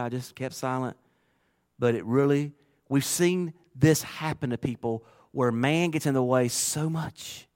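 A man pastor preaching a sermon through personal stories, earnest and emotional, moving from quiet to loud. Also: medium pitch. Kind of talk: storytelling sermon.

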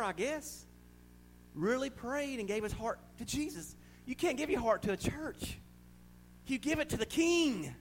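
A male pastor with a Southern US accent preaching a sermon, swinging from shouted proclamation to quiet, confiding asides. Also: sits high, a little hiss or hum.

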